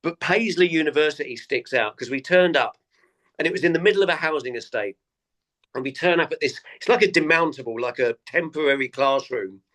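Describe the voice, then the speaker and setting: A man, a stand-up comedian, telling tour anecdotes in a relaxed interview and acting out the people he quotes. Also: a little high, brisk. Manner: animated anecdotes, acts out quoted voices. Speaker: comedian guest. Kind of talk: casual interview storytelling.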